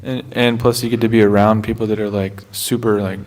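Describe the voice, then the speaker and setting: A man in casual conversation, speaking in a relaxed way with lots of fillers. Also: on the low side, a little fast.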